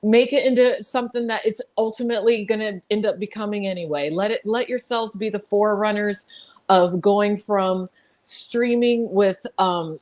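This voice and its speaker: A woman hosting a podcast gives measured advice in casual chat, often stumbling and repeating her words. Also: medium pitch, a little mellow. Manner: measured, hesitant, repeats words while reassuring. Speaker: podcast host.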